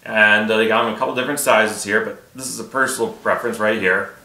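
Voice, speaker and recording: A man's voice: lowish voice, fairly even intonation, fast talker, pushed and bright. A man talking casually about puppetry as a guest, rambling with many fillers. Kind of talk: casual interview chat. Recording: echoey room.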